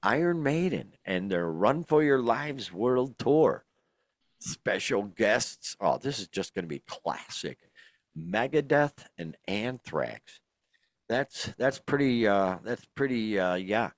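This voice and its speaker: A man's voice: fairly low pitch, sing-song, slow pace, no room sound, clean studio sound. A middle-aged man, co-hosting a casual podcast and rambling through lots of fillers and restarts. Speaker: podcast co-host. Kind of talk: casual chat.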